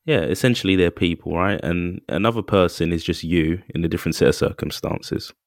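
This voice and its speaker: A man's voice: low-pitched, fairly quick, gravelly, no echo, clean studio sound. A man co-hosting a podcast in casual chat, rambling with many restarts and acting out little quotes. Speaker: podcast co-host.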